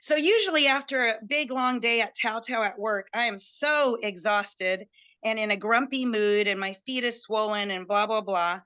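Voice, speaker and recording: A woman guest telling a personal story in an excited, chatty way, acting out what others said to her. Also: on the high side, moderate pace, dull audio. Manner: chatty, excitable, acts out quoted dialogue.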